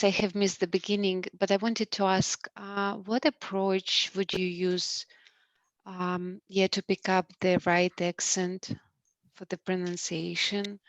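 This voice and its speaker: A woman participant on a video call puts her question to the teacher, pausing and restarting as she looks for the words. She speaks slowly in a mid-pitched voice. The sound is dry and close. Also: no echo, poor audio. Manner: hesitant, halting, with many fillers and restarts. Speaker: class participant.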